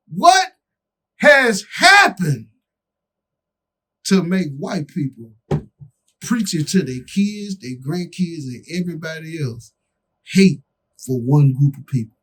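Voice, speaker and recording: Lively high-voiced preaching man. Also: breathy edge. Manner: preaching, emphatic, slangy, drops to quiet asides. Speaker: podcast co-host. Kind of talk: impassioned podcast talk.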